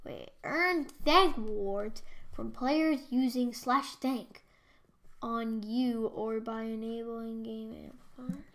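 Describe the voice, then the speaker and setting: A young woman commentating a Minecraft match, excitable and prone to squealing and shouting when things happen in the game. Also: on the high side, slow. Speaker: gaming YouTuber. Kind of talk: Minecraft let's play commentary.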